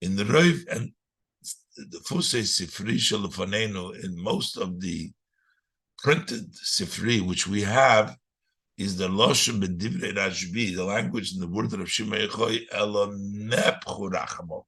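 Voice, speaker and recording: Gravelly, bright-toned rabbi teaching a text. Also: male voice, on the low side, measured pace. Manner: reads Yiddish lines then paraphrases in English. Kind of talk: Torah class, translating Yiddish to English.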